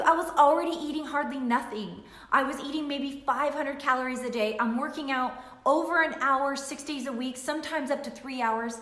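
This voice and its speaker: A middle-aged woman, a nutritionist, telling an emotional personal story to camera in an animated way, repeating phrases for emphasis. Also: on the high side. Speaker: nutritionist and weight-loss coach. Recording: echoey room.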